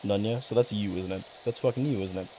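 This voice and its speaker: A man's voice: on the low side, fast talker, noisy background. A young man chatting casually on a livestream, rambling, cursing freely and getting worked up as he talks. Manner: rambling, profane, excitable. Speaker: streamer.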